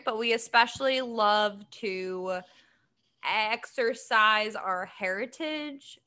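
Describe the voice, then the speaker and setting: Chatty bright-voiced woman podcast co-host. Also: mid-range voice, takes it slowly, clean tone. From Boston area. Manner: chatty, lots of ums, laughs easily. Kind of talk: casual chat recapping a documentary.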